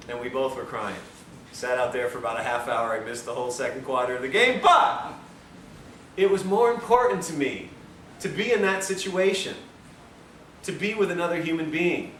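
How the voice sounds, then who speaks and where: Bright-voiced man telling a story in a lecture. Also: fairly high pitch, normal speed. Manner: animated, self-mocking storyteller. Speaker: health lecturer. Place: lecture room with audience. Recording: roomy, distant mic, faint hiss.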